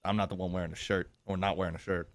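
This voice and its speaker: Deadpan, complaining man, dry sound. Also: low-pitched, rapid-fire, no echo. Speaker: roleplayer in a western game. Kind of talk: in-character roleplay chat.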